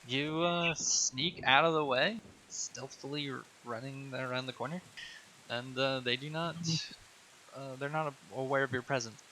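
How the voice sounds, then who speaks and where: A man narrating as game master of a tabletop game, halting and full of fillers. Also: medium pitch, pushed and bright, a little hiss or hum, rough recording.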